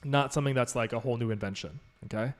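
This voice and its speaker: A man of middle pitch talks casually on a live stream, reading and answering viewers' questions as a business mentor. His delivery is upbeat and loose, full of fillers and self-corrections. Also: quick pace. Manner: rambling and upbeat, many fillers and restarts.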